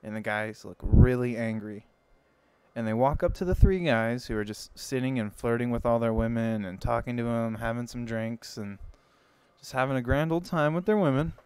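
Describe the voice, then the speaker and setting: A man's voice: medium pitch, normal speed, darkish tone, smooth, no echo, low-quality recording. A young man livestreaming and telling a long joke in a rambling, self-interrupting way. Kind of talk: casual joke telling on a live stream.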